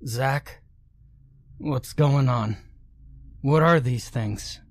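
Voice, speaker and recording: Man voicing a confused croaky young guy, higher than the narrator. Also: extremely slow, no echo. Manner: dazed, croaking.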